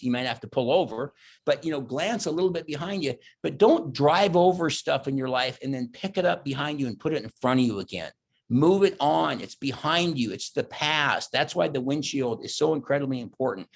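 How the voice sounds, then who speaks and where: Man giving a lively motivational keynote. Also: on the high side, a little fast, vocal fry. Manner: animated storyteller, voices his own inner thoughts and quotes. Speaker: keynote speaker. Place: virtual conference talk.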